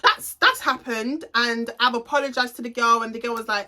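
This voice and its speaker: Speaking on the high side at a normal speed, this salon owner, a young adult woman, sounds bright and forceful and barely pauses. She addresses her audience head-on in a casual storytime vlog, gossiping bluntly and cursing without restraint.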